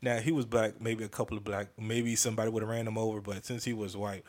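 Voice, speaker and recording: A man hosting a comedy podcast, telling a story in a casual, animated and profane way, often restarting sentences. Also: lowish voice, quick pace, very noisy.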